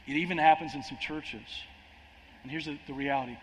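A man's voice: on the high side, steady tone, fairly quick, slight background noise. A man preaching a sermon as pastor, impassioned, restarting phrases and acting out quotes, recorded in a large church hall. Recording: long hall reverb, faint ambience.

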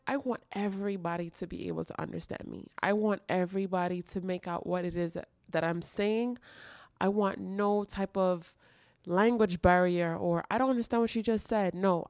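A podcast host speaks from a dark room at home in a mid-range voice, the sound clean and studio-like without echo. Her monologue is intimate and confessional, emotional and earnest, repeating phrases to stress them.

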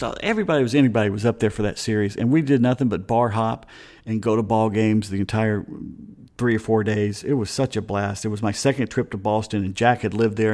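Middle-aged man, sports talk host, rambling anecdotes, chuckling, mid-pitched voice. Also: a little mellow. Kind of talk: casual baseball history chat.

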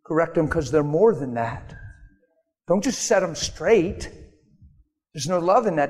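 A man preaching a sermon to his congregation, animated and acting out little scenes in different voices. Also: fairly high pitch, unhurried, pauses often. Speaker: pastor. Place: church hall. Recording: long hall reverb.

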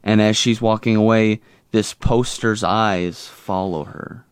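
A man's voice: fairly low pitch, fairly even intonation, takes it slowly, clean tone, dry recording, studio quality. A man co-hosting a podcast, recapping a TV episode in casual chat with jokey, rambling asides. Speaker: podcast co-host.

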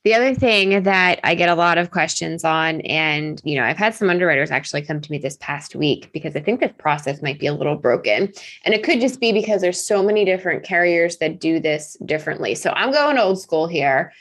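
A woman's voice: on the low side, a little fast. A woman in her forties hosting an insurance talk show, telling a family story in a casual chat and acting out the voices she quotes. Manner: animated, acts out quoted voices. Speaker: insurance podcast host.

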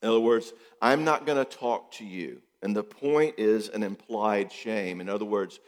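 A middle-aged male psychologist talks through relationship problems in a casual, animated way, asking rhetorical questions and hammering points home by repeating them. His voice sits a little low. A long reverb trails behind each phrase. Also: measured pace.

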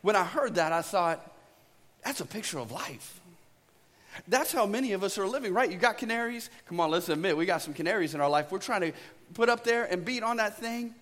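Male pastor, conversational preacher, higher voice, live church reverb. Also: expressive, fast talker, fairly bright tone. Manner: conversational storytelling preacher, asks "right?" often. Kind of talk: sermon. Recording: long hall reverb.

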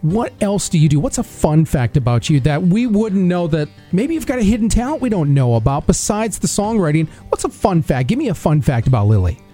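Upbeat radio host man, warm voice. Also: sits high, very animated, brisk, few pauses, soft background music. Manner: upbeat, effusive. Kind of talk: casual radio interview. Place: radio studio.

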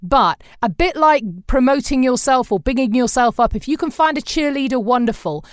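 A woman's voice: high-pitched, expressive, moderate pace, no room sound, studio quality. Encouraging British woman podcast host. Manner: warm, encouraging, cheering the guest on. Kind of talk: casual interview chat.

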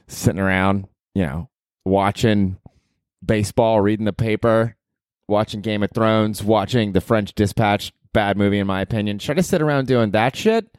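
A man in his forties hosting his own podcast, rambling through a solo monologue with lots of swearing, self-mockery and sudden high mock voices, recorded at home in a dry close setup. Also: brisk, a little mellow, no room sound. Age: 40s. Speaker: podcast host and stand-up comedian. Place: New York apartment. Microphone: handheld field recorder.

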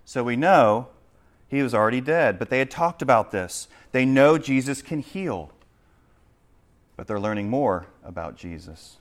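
A man preaching a sermon, swinging between loud, urgent questions and hushed explanation. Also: mid-range voice, expressive, unhurried. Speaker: pastor.

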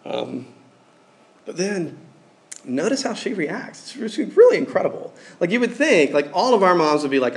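A man's voice: a little high, expressive, normal speed. A man giving a casual, conversational sermon, talking informally with many fillers like "like" and "um".

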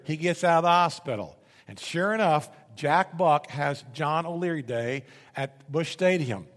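A man preaching a sermon as a pastor, telling a story with energy and rising to emphatic bursts. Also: on the high side. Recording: long reverb of a large hall.

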